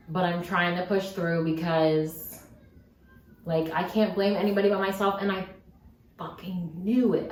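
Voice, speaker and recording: A young woman vlogging at home while she unboxes beads, sad yet chatty, with lots of likes and some swearing. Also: lowish voice. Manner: upset but trying to stay upbeat, swinging between sad and excited; chatty, with frequent likes and occasional cursing. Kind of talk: casual unboxing vlog. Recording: echoey room, faint background noise.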